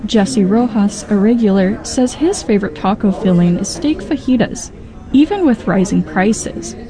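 A woman reporter narrating a radio news story in a lively way. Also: mid-range voice, moderate pace, crowd noise. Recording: report with music in the background.

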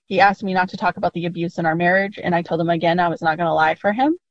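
A woman in her thirties giving a news interview, recounting events in a steady, measured way. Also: lowish voice, no echo. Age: 30s. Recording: slightly dull lo-fi line.

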